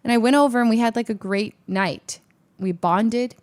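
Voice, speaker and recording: A young adult woman, a streamer, telling a personal story in an animated, chatty way, full of fillers. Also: on the high side, normal speed. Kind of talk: casual storytelling.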